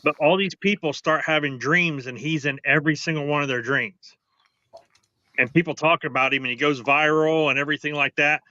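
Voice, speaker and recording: A man's voice: on the high side, fairly even intonation, brisk, bright, forceful tone, no room sound. A man co-hosting a casual podcast, telling rambling, profane, joking stories. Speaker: podcast co-host. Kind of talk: casual crude banter. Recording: dull, dry lo-fi audio.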